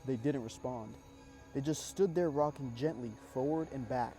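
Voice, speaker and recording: Speaking in the first person, a male horror narrator tells an eerie war tale at a measured, suspenseful pace, dropping in casual asides. Soft music runs underneath his mellow, dark, mid-pitched voice.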